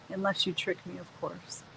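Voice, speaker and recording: A woman's voice: lowish voice, a bit bright, a little hiss or hum, poor audio. A middle-aged woman hosting a live stream, chatting casually and laughing often while she paints and reads the chat.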